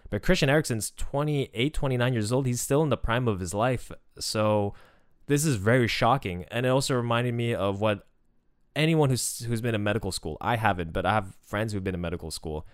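A man's voice: on the low side, smooth, no echo, studio quality. A young man talking casually and emotionally about football, rambling with many restarts. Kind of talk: casual spoken commentary.

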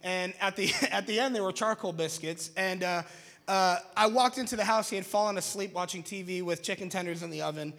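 Bright-voiced young man telling a story. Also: high voice, fairly quick. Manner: lively, jokey, acts out his own shouts. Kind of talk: animated storytelling to an audience.

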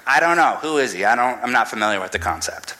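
A man's voice: mid-range voice, expressive, quick pace, sharp tone. A man voicing a sassy young man once blind, talking back sarcastically. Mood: sarcastic. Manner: sarcastic, exasperated.

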